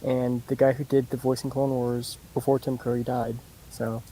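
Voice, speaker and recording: A man's voice: mid-range voice, level tone, moderate pace, dark tone, poor audio. A man co-hosting a casual podcast, sharing trivia while unsure of the details. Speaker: podcast co-host. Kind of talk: casual chat.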